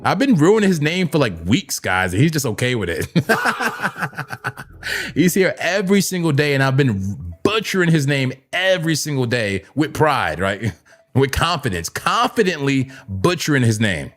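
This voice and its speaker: A man's voice: mid-range voice, very animated, normal speed, soft background music. A man hosting a crypto trading livestream, chatting loosely with his viewers and rambling with plenty of "like" and "man.". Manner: talks straight to chat viewers. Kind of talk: casual live trading commentary.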